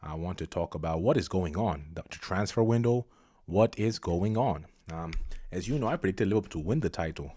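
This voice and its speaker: Fed-up male football vlogger, very low voice, dry close sound, repetitive rant. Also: lively intonation, fairly quick, mellow, no room sound. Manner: frustrated, repetitive, exasperated. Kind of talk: ranting football vlog.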